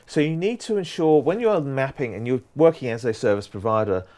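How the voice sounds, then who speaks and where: A man's voice: mid-range voice, a little fast, darkish tone. A man giving a prerecorded university lecture, explaining in a loose, conversational way that wanders from point to point.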